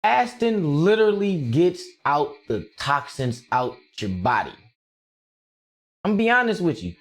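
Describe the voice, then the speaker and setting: A male streamer rambles through a casual livestream rant, jumping between thoughts and reacting to his chat. His voice sits a touch on the high side, and his loose, slangy delivery is full of quick laughs and energy. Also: very animated.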